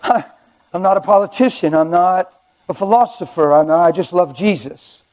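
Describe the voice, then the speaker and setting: Animated high-voiced older man preaching. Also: moderate pace. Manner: animated, conversational preaching with sudden loud outbursts. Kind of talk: sermon. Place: church.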